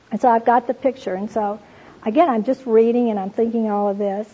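A woman gives a devotional Bible talk, retelling scripture with earnest warmth. Her voice sits a little high and has a husky edge. The recording sounds dull and lo-fi. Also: steady tone, fairly quick. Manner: earnest storytelling, reads scripture aloud, addresses listeners as "you all". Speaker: Bible teacher.

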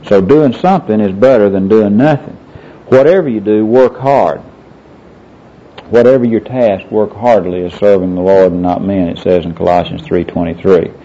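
A man's voice: fairly low pitch, normal speed, dark tone. A middle-aged man leading a Bible discussion, earnest and quoting scripture by chapter and verse. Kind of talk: Bible teaching talk. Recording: muffled lo-fi recording.

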